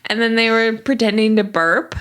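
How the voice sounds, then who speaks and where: A woman's voice: on the high side, fairly even intonation, normal speed, a bit bright, clean tone. A woman co-hosting a podcast in casual chat, a mother who recounts her toddler's antics and often acts out his words. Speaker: podcast co-host.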